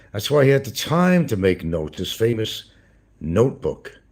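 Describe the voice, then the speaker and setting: A man talks low and husky, his pitch swinging up and down a lot as he rambles. He gossips crudely, swearing and chuckling as he goes, like a casual livestream host chatting to viewers. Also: a little mellow.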